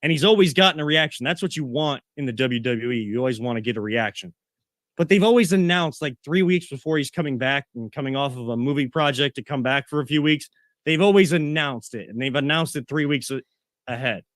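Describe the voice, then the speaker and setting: A man's voice: medium pitch, fairly quick, a bit bright, dry recording, clean studio sound. A man co-hosting a sports talk show, ranting and getting worked up as he makes his point. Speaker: co-host.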